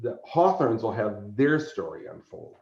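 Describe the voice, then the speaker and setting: A man's voice: fairly low pitch, a little slow, gravelly, slight background noise. A man being interviewed as a convention organizer, telling stories animatedly and acting out characters. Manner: animated storyteller who acts out characters. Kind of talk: casual podcast interview. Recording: roomy, slightly dull recording.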